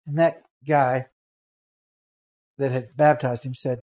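A man preaching a sermon, telling a story with animated acted-out voices and shouts. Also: medium pitch, slow pace, pauses often.

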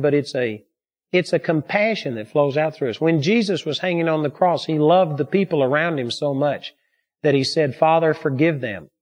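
A man preaching a sermon, telling personal stories in an earnest, steady way. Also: on the high side. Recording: dull lo-fi recording.

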